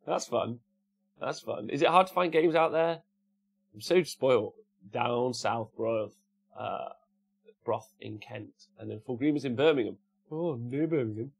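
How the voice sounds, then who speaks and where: Unhurried, gravelly and husky, a man's mid-range voice carries an English Midlands accent; he's from Cannock. During a laid-back livestream, he reads viewer comments aloud and responds with humor.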